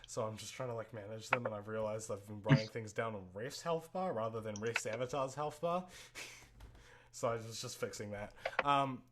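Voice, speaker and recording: A man's voice: fairly low pitch, normal speed. Guy game-mastering a tabletop session on stream, easygoing, lots of laughs, noisy mic hiss. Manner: casual, laughs often.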